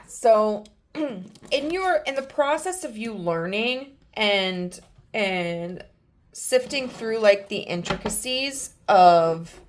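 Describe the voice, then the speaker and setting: Earnest woman giving a tarot reading. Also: medium pitch. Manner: gentle, earnest, with frequent fillers and restarts. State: emotional, near tears. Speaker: tarot reader. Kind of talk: pick-a-card tarot reading.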